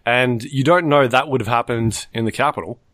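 A man's voice: mid-range voice, fairly quick, a bit bright, dry recording, clean studio sound, natural voice. An Australian man voicing a hardened, cynical settler in an amateur table-read, with a plain, stumbling delivery. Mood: gruff.

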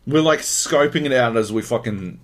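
A man's voice: mid-range voice, normal speed. An Australian man co-hosting a podcast, telling a gaming story in casual chat, swearing freely and acting out what other people said. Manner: animated, swears a lot, acts out other people's lines. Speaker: podcast co-host.

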